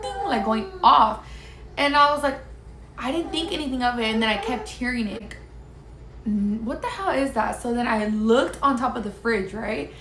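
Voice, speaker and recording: A woman telling viewers her own story in a casual, emphatic and animated way. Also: on the high side. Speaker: storyteller sharing her experience. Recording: roomy recording with faint background hiss.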